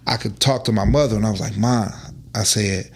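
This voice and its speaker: Man telling a story with lively quoted voices. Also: lowish voice, brisk, husky. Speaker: guest. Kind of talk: casual storytelling interview.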